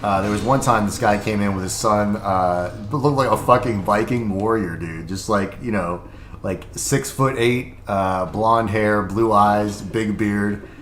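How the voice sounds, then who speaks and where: A young man with a low, deep voice chats loosely while playing a game on stream, rambling with plenty of "like" and frequent swearing. His voice comes through an echoey room with a faint hiss of background noise. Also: measured pace, fairly bright tone. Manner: rambling, profane, lots of filler words. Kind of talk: casual gaming livestream chat.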